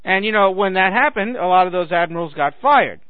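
Fairly quick and expressive, his voice pitched high, a man in his forties fights through losing his voice, clearing his throat as he sarcastically rants at his talk radio listeners, calling them ladies and gentlemen. It's a political monologue with no echo and a dry, phone-like radio sound.

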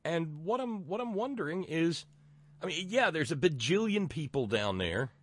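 Sardonic profane man, lively pitch. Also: normal speed, no room sound. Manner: sardonic, profane, stammering restarts. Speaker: podcast host. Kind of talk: political commentary monologue.

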